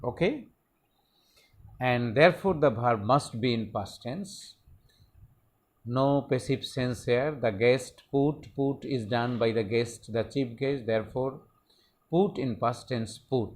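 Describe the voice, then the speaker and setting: A man teaching English grammar in a slow, explanatory lesson, often repeating words and phrases as he explains. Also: mid-range voice, darkish tone.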